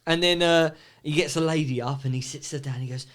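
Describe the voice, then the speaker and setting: A British man casually chatting as a podcast co-host, animated, laughing often and acting out scenes in voices. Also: fairly high pitch, fairly quick. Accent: British English. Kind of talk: casual chat.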